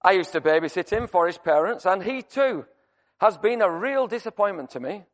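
A male preacher reading the lines of a sharp-tongued woman in her seventies, blunt and scolding as she lists a man's failings. The voice sits a little high and rings through a reverberant hall. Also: animated, normal speed. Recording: long reverb church hall.

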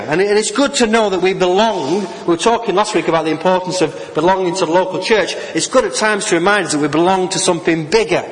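A male Baptist minister gives a sermon in a church, pausing often on fillers and restarting his sentences. His voice sits a little high for a man. The sound rings with the long reverb of the hall. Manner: hesitant with many fillers.

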